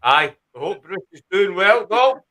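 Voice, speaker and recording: A man's voice: sits high, very animated, a little slow, pushed and bright, low-quality recording. A man hosting a casual panel chat, joking and laughing often. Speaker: podcast host.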